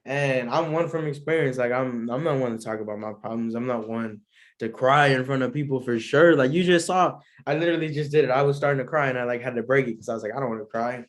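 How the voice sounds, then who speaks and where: Young guy w/ aave just chatting on his solo podcast, mid pitch, rambly and chill. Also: fast talker. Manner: laid-back, rambling, slangy, laughs often. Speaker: podcast host. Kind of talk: casual solo podcast chat.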